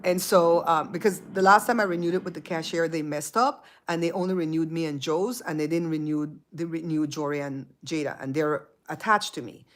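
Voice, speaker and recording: A woman's voice: a little fast, hardly any pauses. A middle-aged woman hosting her own channel, telling a story casually and acting out what people said. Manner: animated storyteller, acts out quotes with big pitch jumps. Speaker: channel host.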